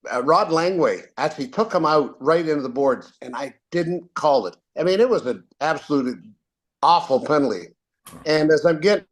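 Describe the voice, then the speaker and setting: An older Canadian man, a retired referee, telling rambling anecdotes with many fillers and restarts. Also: on the high side. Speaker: guest, retired hockey referee. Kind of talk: casual storytelling.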